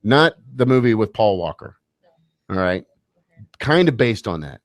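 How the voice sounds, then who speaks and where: Low-ish guy hosting radio talk, jokey rambling asides, dead dry studio sound. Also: very animated, measured pace, dry recording. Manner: wry, joking, rambling asides. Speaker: radio talk show host. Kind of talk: casual talk radio banter.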